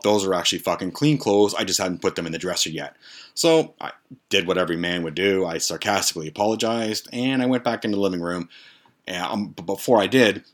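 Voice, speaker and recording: A man's voice: sits low, fairly bright tone. A man hosting a podcast, telling a long story in a casual, profane, rambling way that keeps breaking off and restarting. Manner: profane, rambling, self-interrupting. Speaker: podcast host. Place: Toronto.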